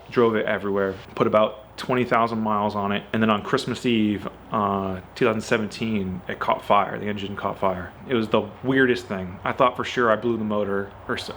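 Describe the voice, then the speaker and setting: A man's voice: lowish voice, a little hiss or hum. A man telling a story about his car in a casual, chatty way, peppering it with "like" and "you know" and acting out what people said. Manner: animated, acts out quoted dialogue. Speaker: car owner.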